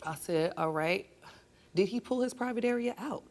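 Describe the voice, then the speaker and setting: A young woman on a talk show stage giving an emotional personal account in an upset, urgent way that turns into sharp confrontation. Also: medium pitch, lively intonation, moderate pace. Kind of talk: emotional personal account, then heated argument. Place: TV studio stage.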